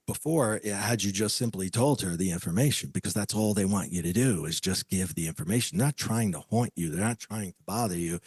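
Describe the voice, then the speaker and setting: A man's voice: fairly low pitch, a little mellow, slightly rough, dry recording. A man telling a personal story as a podcast guest, acting out the voices of the people he quotes.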